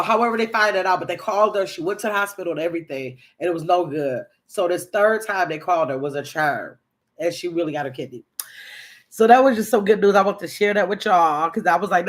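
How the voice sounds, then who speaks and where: A woman hosting a casual live stream, greeting viewers by name and telling a story in a chatty, animated way. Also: mid-range voice. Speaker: livestream host. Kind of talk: casual live chat reading viewer comments.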